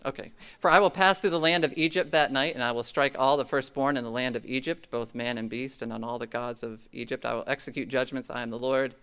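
A man's voice: medium pitch, steady tone, fast talker, hardly any pauses, fairly bright tone, clear, resonant tone. A middle-aged man preaching a conversational sermon, teaching from scripture and often checking in with "okay?". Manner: conversational, frequent "okay?" check-ins, asides to the congregation. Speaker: pastor.

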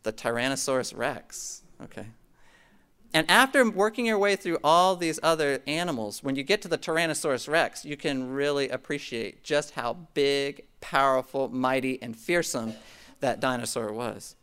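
This middle-aged preacher has a mid-range, clear and resonant voice, a bit bright, at normal speed. He teaches from scripture in a conversational way, regularly asking "okay?" and turning aside to address the congregation.

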